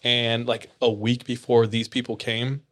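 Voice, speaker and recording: A man's voice: medium pitch, little pitch movement, unhurried, a bit bright. A man hosting a podcast, telling a story in a casual, rambling way and laughing often. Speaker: podcast host. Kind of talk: casual chat.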